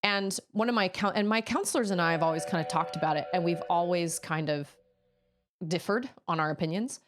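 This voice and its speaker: A woman's voice: on the low side, brisk. Frank woman streamer venting. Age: adult. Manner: frank, venting about a hard week. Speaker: game streamer. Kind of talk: casual chat.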